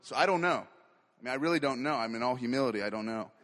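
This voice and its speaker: A man preaching a sermon with fervent energy, swinging between quiet asides and loud declarations. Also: medium pitch, expressive, fast, in a large hall.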